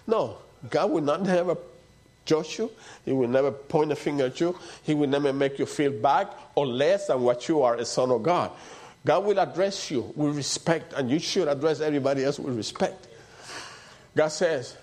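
A man preaching a sermon in a conversational way, dropping to soft low asides and rising for emphatic points. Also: normal speed. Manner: conversational preaching with repeated "you know" and "see".

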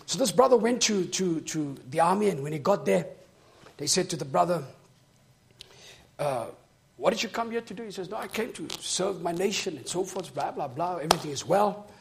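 A man preaching a sermon. He tells a story and then builds to shouted, rhythmic preaching. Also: fairly high pitch, vocal fry.

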